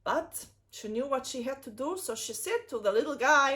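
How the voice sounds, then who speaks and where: A woman narrating a fairy tale for children in a high, very lively voice. She is expressive, adds playful sound effects, and breaks in with chatty asides. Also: normal speed, few pauses. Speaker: children's storyteller. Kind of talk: animated storytelling for children.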